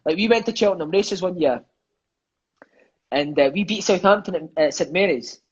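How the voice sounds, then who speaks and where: A Scottish man with a high, bright voice spins animated football tales, swearing freely and saying mate every few words. The sound is muffled and lo-fi. Relaxed, chatty interview feel. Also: moderate pace, husky. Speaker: interview guest, former footballer. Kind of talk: casual storytelling chat. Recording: dull lo-fi sound.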